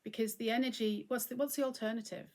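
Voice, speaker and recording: A middle-aged woman giving a gentle, conversational talk on mindfulness and acceptance as host. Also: on the high side, fairly even intonation, quick pace. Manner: gentle, conversational, often acting out what she would say.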